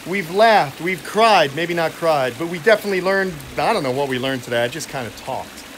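A man's voice: fairly high pitch, animated, fairly quick, a bit bright, slight background noise. A man hosting a casual live stream outdoors by a pond, joking around and reading viewer comments. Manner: upbeat, joking, reads viewer comments aloud. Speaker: reptile channel host.

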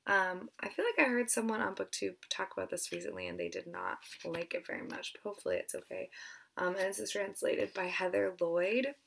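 A woman's voice: medium pitch, sing-song, fairly quick, vocal fry, a bit bright. A woman chatting casually as a book vlogger, a little out of breath, hesitant and stumbling over names, sometimes dropping to whispered asides. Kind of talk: casual chat.

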